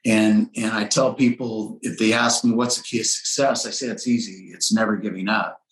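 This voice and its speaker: A man's voice: fairly low pitch, steady tone, moderate pace. A middle-aged man, a pastor, telling a personal testimony in earnest storytelling style in an interview. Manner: earnest storytelling, quoting dialogue, shifting pace. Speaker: pastor, guest. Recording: roomy echo.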